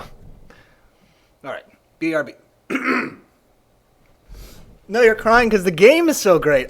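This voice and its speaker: A man's voice: on the high side, animated, normal speed, pauses often. A man chatting casually on a live stream, rambling and joking and often repeating himself.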